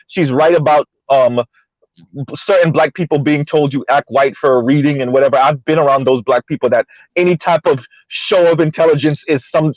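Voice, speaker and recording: A man's voice: on the high side, no echo. A man speaking on an online panel discussion, making long emphatic points full of restarts, over slightly muffled call audio. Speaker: podcast panelist.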